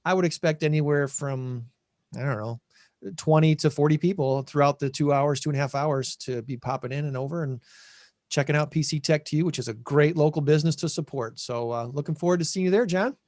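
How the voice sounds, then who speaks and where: A man's voice: a little high, a little fast, a little mellow, no echo, studio quality. A man with a Midwestern American accent hosting a casual podcast over a video call, rambling and correcting himself as he talks. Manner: rambling, self-correcting, chatty. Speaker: podcast host. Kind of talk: casual chat.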